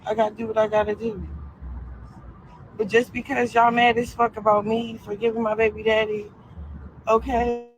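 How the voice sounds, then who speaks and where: A woman's voice: fairly high pitch, level tone, moderate pace, long pauses, highs cut off, a little hiss or hum. A young woman ranting on a live stream, defiant and profane, full of fillers. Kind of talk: casual live-stream rant.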